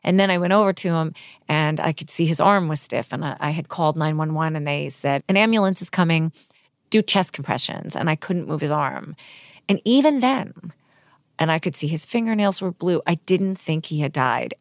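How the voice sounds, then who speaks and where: A middle-aged woman giving an interview, retelling a painful personal story in a halting, emotional way with many restarts. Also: low voice, creaky, dry recording, studio quality. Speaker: interview guest.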